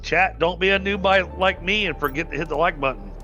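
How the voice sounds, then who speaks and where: A man's voice: high-pitched, a little fast, sharp tone, dull audio. Rambling man with a Southern accent. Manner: rambling, stammering, jokey. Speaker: guest streamer. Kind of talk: casual gaming stream chat. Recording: faint background music.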